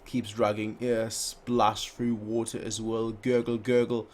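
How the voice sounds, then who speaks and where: A man's voice: on the low side, little pitch movement, slow, slight background noise. A man hosting a casual manga read-along reaction, joking and throwing in sound effects between the lines he reads.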